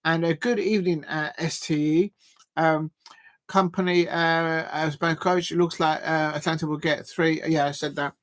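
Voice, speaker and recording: A man's voice: on the high side, moderate pace. Chatty man calling football live. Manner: chatty and excitable, chats to viewers between bursts of play-by-play. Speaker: watch-along streamer. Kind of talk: live football watch-along commentary.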